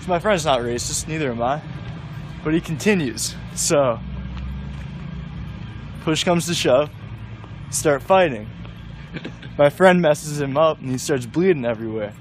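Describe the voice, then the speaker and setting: A young man casually telling a story outdoors, relaxed and easygoing. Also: on the high side, slight background noise. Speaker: interviewee.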